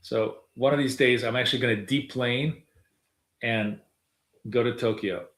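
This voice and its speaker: A middle-aged man at his desk, talking through his trades on a live stream. His voice sits at an ordinary pitch, and it rings in a roomy, echoey space. He rambles loosely, drops in casual swears, and trails off into fillers. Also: fairly even intonation, a little slow, fairly bright tone.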